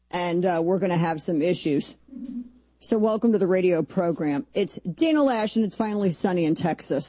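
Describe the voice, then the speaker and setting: A woman's voice: fairly low pitch, dark tone, no room sound. A middle-aged woman hosting a talk radio show, opinionated and sarcastic, often mocking others in put-on voices.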